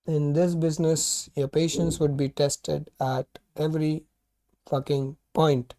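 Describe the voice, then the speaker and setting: A man talks through his trades on a live stream, his voice mellow and dark. He sounds irritated, swears often, and reasons aloud about his choices. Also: fairly high pitch, level tone, a little slow. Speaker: livestream trader. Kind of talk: live trading commentary.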